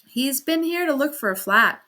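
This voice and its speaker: A woman's voice: sits high, expressive, normal speed, sharp tone, pitched above the performer's own voice. A woman voicing an uneasy, wary older male workman who raises his voice.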